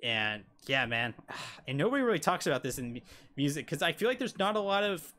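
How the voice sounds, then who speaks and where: A man's voice: fairly high pitch, sing-song, fairly quick, pushed and bright. An American man giving casual reaction commentary, rambling with lots of swearing and filler words. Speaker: reaction video host.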